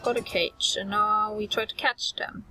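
A woman's voice: mid-range voice, flat delivery, measured pace, pushed and bright, faint music behind, rough recording. A woman hosting a let's-play, commenting on her gameplay with chatty, self-mocking asides.

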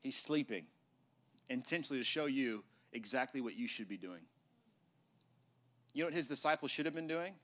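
A male pastor preaching a sermon in a church, animated, joking with the congregation and acting out dialogue. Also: medium pitch, brisk, long pauses. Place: church sanctuary.

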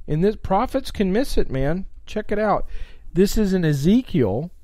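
A man on a livestream walks through scripture with a lively, swooping delivery and a voice a little higher than most men's. His sound is close and dry, with no room around it. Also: no room sound. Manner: animated, reads scripture aloud with asides. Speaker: online Bible teacher. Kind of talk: livestream Bible teaching.

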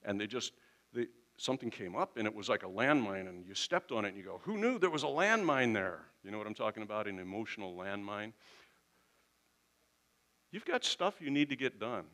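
A man's voice: fairly low pitch, fairly bright tone. A man preaching a sermon as pastor, talking in a conversational way and briefly acting out little quoted exchanges with the congregation.

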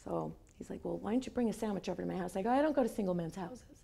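A woman in her fifties, speaking at a lecture in a lecture hall, tells a personal story and animatedly acts out the quoted dialogue. Her medium-pitched voice is gravelly and warm, and she talks rapid-fire.

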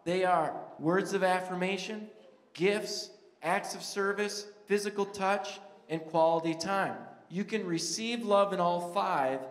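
A man's voice: sits high, a little slow. Man preaching in an echoey hall. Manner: conversational, storytelling, jokes with the crowd. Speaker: pastor. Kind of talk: sermon. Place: church sanctuary. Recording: echoey church hall reverb.

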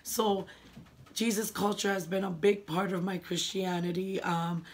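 A woman's voice: medium pitch, fairly even intonation, unhurried. A middle-aged woman talking earnestly and from the heart in a casual personal vlog, with plenty of ums and likes. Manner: earnest, heartfelt, with many fillers. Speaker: vlogger.

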